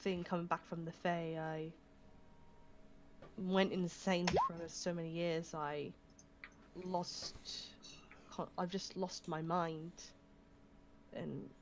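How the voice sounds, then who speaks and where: A woman's voice: lowish voice, flat delivery. A woman speaking in character as a tabletop game player, tearful and hesitant, stopping and restarting her sentences. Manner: halting and hesitant, many restarts. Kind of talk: in-character roleplay. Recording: keyboard typing noise.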